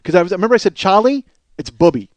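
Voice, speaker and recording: Man, 40s, podcast host, comic storyteller, animated, profane, fairly high voice, dry sound. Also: fast, no room sound. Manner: animated, profane, acts out voices with big pitch swings.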